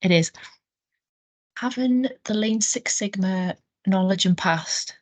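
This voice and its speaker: A woman's voice: mid-range voice, takes it slowly. A woman co-hosting a podcast who asks questions in a curious way. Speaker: podcast co-host. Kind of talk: casual chat.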